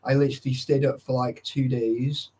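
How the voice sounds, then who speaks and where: A tired young man rambles through a casual livestream chat. His voice is mellow and dark, sitting at a middling pitch. He swears freely and keeps greeting his viewers by name. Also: little pitch movement, normal speed, slightly rough. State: tired and sleepy.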